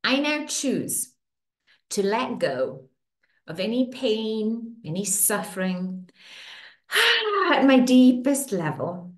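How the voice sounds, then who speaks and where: With a voice on the high side, a middle-aged facilitator leads her women's circle through guided tapping and affirmations. She talks slowly in a lively, rising-and-falling way, repeating soothing lines in steady rhythm, recorded in an echoey room.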